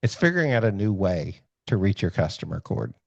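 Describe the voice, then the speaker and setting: A man's voice: low voice, sing-song, fairly quick, creaky, no echo. Man, podcast host, casual storytelling, lots of fillers, dry, muffled call audio. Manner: rambling, self-deprecating, many fillers and restarts.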